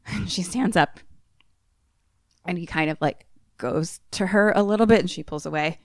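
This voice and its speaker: A woman podcast co-host casually retelling a film plot, animated and swearing often. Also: lowish voice, normal speed, dry recording, clean studio sound.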